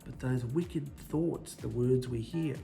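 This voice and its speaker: A man delivering a sermon, forceful and deliberate, stressing one word after another. His voice sits at an ordinary middle pitch, and faint music plays underneath. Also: vocal fry. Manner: emphatic, preaching in short, punchy lists. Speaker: preacher.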